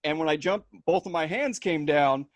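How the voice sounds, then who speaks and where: A man co-hosting a podcast, chatting casually and telling animated stories with plenty of swearing. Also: on the high side, moderate pace, no room sound, studio quality. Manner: swears freely, animated storytelling. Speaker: podcast co-host. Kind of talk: casual chat.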